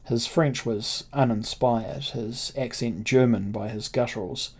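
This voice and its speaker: A man narrating a first-person adventure novel in a measured, deliberate reading. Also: medium pitch, creaky, darkish tone, breathy edge.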